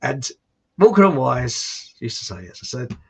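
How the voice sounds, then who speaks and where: A man's voice: medium pitch, very animated, normal speed, creaky, breathy edge. A middle-aged man hosting a livestream. He chats casually and rambles in a self-mocking way. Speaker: livestream host. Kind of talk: casual chat and joke telling. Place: warm indoor room.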